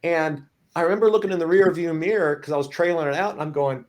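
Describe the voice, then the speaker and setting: A man's voice: on the high side, quick pace, darkish tone. A man speaking earnestly as a podcast guest, stumbling over his starts. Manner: earnest, repeats himself when starting. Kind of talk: casual chat.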